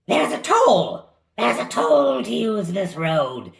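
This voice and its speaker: A man's voice: wildly swooping pitch, takes it slowly, vocal fry, distant mic, exaggerated voice. A man voicing a cocky male goblin leader with a thin, reedy Cockney voice and a taunting manner, recorded in an echoey room away from the mic. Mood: blustering. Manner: taunting, high and loud.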